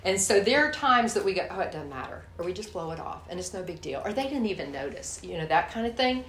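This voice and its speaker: A woman's voice: medium pitch, expressive, quick pace, fairly bright tone. A woman giving a candid, folksy sermon with a personal story, speaking to a church group and calling them y'all. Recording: echoey room, faint hiss.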